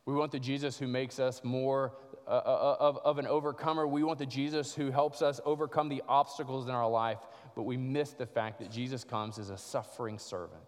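A male pastor preaching a dramatic sermon, swinging from loud passages to hushed ones, in a church sanctuary. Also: mid-range voice, fairly even intonation, fairly quick, hardly any pauses, long reverb tail.

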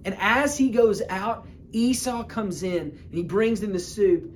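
A man preaching a sermon, retelling a Bible story in a casual, humorous way with quick bursts of speech. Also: sits high, slight background noise.

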